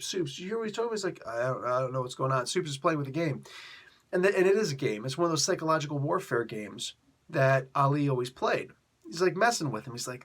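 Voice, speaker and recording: A man's voice: fairly high pitch, lively intonation, fairly quick, fairly bright tone. A middle-aged man chatting casually as he reviews a comic book, laughing often and acting out the characters' lines.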